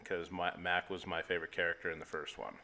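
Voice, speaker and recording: A man's voice: deep voice, flat delivery, fast talker, bright, forceful tone. A man co-hosting a casual comedy movie podcast, talking enthusiastically and often repeating words as he searches for them. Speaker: podcast co-host.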